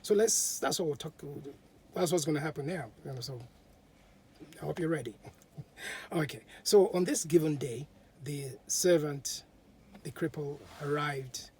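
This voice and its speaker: A man's voice: a little high, a little slow, pauses often, a little mellow, husky. A man, a podcast host telling history as a casual story, chatty and dropping to whispers at times.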